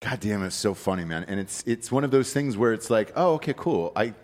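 A man's voice: lowish voice, a little fast. A man hosting a casual chat, rambling and hesitant with profane asides.

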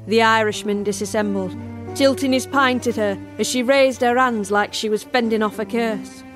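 A woman's voice: on the high side, fairly even intonation, normal speed, close to an everyday voice. A woman narrating a first-person horror tale as a barmaid in an audio drama. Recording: music score underneath.

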